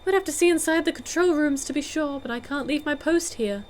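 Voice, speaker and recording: A woman's voice: high voice, a little fast, darkish tone, slight background noise, voice pushed up, natural voice. A woman doing a polite, dutiful train guard. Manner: formal, calls everyone sir.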